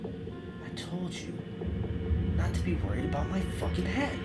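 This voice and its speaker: Brief: man voicing a paranoid snowman, low hushed threats, comic horror story. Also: big pitch swings, a little slow, soft background music. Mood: menacing. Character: paranoid, menacing living snowman, male.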